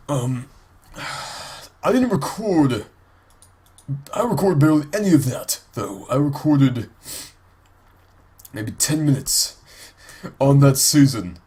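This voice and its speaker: A man's voice: mid-range voice, slightly rough. A sick man with a congested, nasal voice gives rambling, casual gameplay commentary for his let's play, full of ums and restarts.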